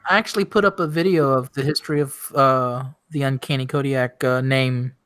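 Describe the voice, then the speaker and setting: A man's voice: medium pitch, fairly even intonation, a little fast, fairly bright tone, smooth, dry recording. Easygoing man chiming in on a stream. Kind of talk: casual livestream chat.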